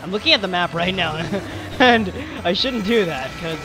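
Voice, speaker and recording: Excitable high-voiced young man gaming. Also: moderate pace. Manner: excitable, yelling at the game. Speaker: let's player. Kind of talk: gaming commentary. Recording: faint game music behind.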